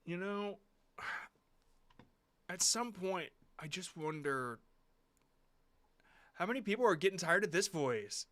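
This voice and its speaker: Brief: male streamer, slightly high and bright tone, blunt and rambling, casual commentary. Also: expressive, takes it slowly, pauses often. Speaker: host reviewing viewer shorts.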